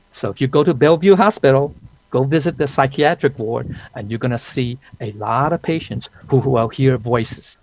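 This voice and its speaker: Gravelly, husky male Dao teacher. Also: mid-range voice, low-quality recording. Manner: conversational, checks in with "okay?" and "right?"; frequent restarts and fillers. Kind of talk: online class lecture.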